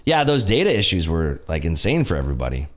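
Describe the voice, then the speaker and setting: Excitable man hosting a trading stream. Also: low-pitched, quick pace. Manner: excitable, laughs often, cheers on viewers. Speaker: day trading livestream host. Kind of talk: casual live market commentary.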